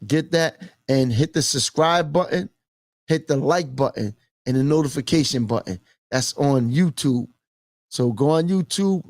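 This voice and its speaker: A man's voice: a little high, a little mellow, no echo. A man hosting a casual livestream, earnestly repeating a humble plea for support, with many fillers. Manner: repetitive, earnest pleading, fillers. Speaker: livestream host.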